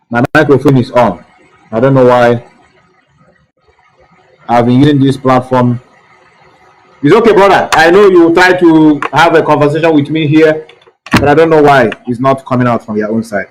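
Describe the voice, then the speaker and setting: A man's voice: medium pitch, moderate pace, pauses often, rough recording. A man hosting a live online talk show, repeating himself and fussing as he tries to reach callers. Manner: repetitive, fussing over technical trouble. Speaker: host.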